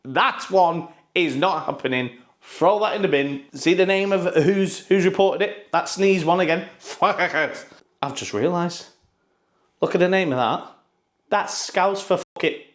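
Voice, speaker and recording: A man's voice: high voice, measured pace. A man giving casual, sarcastic football news commentary, full of swearing and mocking asides.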